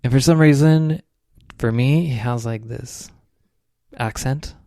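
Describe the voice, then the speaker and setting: Man, podcast co-host, casual rambling storyteller, gravelly fry, smooth resonant tone. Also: mid-range voice, takes it slowly, warm tone, no room sound, studio quality. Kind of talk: casual spiritual chat.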